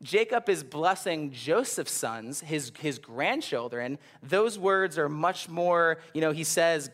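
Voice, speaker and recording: Young male pastor, lively conversational sermon. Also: a little high, unhurried, few pauses. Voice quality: stammers and repeats words. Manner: animated, conversational preaching with frequent "right?" asides.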